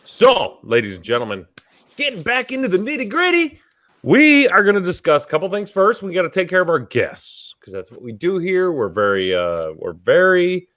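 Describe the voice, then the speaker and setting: A boisterous man hosts a casual live podcast. His voice sits a little high and swoops widely as he jokes and swears his way through the chat. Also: sing-song, normal speed, few pauses, fairly bright tone. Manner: boisterous, joking, swears freely. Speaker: podcast host.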